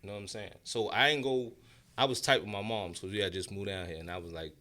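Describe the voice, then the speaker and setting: NY man, 40s, low-pitched guest, loose slangy anecdotes. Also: fast talker. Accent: New York. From Brooklyn, New York. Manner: animated, slangy, restarts often. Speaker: guest, rapper and producer. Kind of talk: casual storytelling interview.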